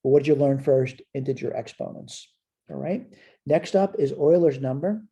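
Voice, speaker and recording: A man with a mellow, husky, mid-range voice teaches a recorded college math lecture at normal speed. He asks and answers his own questions and repeats short phrases while pointing things out on the board.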